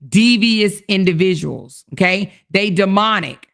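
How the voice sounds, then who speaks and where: A woman with a medium-pitched, lively voice hosts a relaxed livestream, unhurried yet hardly pausing. Indignant and forceful, she keeps restating her points while reading viewers' comments aloud and speaking directly to them.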